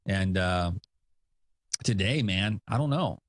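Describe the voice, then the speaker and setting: This low, animated male voice belongs to a podcast host and father of young kids who chats casually at a slow pace. He rambles with fillers and self-deprecating asides, and there's no room sound.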